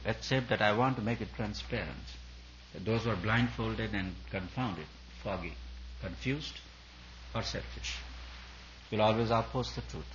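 Emphatic low-voiced man preaching. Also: slight background noise. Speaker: spiritual teacher. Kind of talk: sermon to a retreat audience. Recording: dull lo-fi recording.

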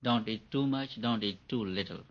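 A man giving a gentle, repetitive spiritual talk on meditation to an audience. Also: lowish voice, moderate pace. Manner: gentle, repetitive, chuckles often. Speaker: meditation teacher. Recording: dull lo-fi recording.

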